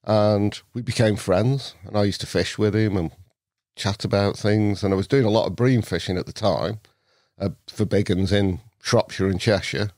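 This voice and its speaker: Middle-aged guy from north staffordshire, lowish voice, chatty animated stories, dry close mic. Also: normal speed, no echo. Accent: North Staffordshire English. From England. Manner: animated storyteller, laughs often. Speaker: podcast guest. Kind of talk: casual chat.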